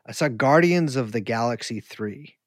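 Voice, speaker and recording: A woman's voice: rumbling low, expressive, normal speed, no room sound, clean studio sound. Rambling, foul-mouthed woman podcast host. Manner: profane, rambling, bursts into mock accents. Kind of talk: casual comedic chat.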